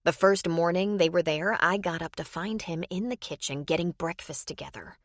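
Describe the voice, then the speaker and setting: Low-voiced woman audiobook narrator. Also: normal speed, no echo. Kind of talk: scripted narration.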